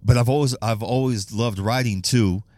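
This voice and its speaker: A man's voice: medium pitch, moderate pace, darkish tone, dry recording. A man hosting a casual solo podcast, rambling and swearing, laughing often and restarting his sentences. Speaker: podcast host.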